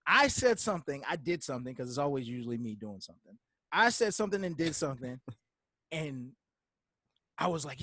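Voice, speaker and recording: A man co-hosting a casual podcast, telling animated stories and acting out quoted dialogue. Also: a little high, brisk, dry recording. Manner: laughing, joking with cohosts. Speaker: podcast co-host.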